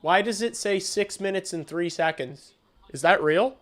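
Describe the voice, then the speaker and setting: A man streaming a hockey game and calling the play-by-play, excitable and swearing casually, shouting on big plays. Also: high-pitched, normal speed. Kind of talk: live watch-along hockey commentary.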